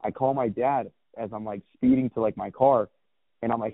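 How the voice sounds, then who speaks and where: A man's voice: medium pitch, fairly quick, dry recording. Candid rambling man on a tinny line. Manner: candid, rambling, with frequent restarts and swearing. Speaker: guest, clothing brand founder. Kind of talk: casual personal storytelling. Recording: tinny phone-like dry sound.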